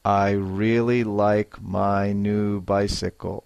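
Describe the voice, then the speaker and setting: Slow, expressive male English teacher. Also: mid-range voice, no echo. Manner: slow, clear, demonstrates intonation with exaggerated example sentences. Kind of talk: scripted English lesson podcast. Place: Japan.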